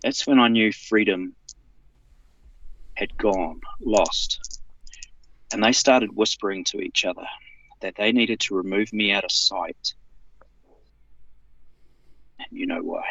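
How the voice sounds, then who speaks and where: A man, telling a personal account as a show guest in an emphatic, halting way, often restarting his sentences. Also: fairly bright tone, no echo, lo-fi sound. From New Zealand. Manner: emphatic, halting with restarts, rising in pitch when retelling his protests.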